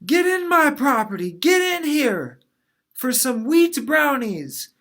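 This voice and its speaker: A man voicing his cranky, forgetful old grandmother, shrill and yelling. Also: big pitch swings, takes it slowly, vocal fry, heavily acted.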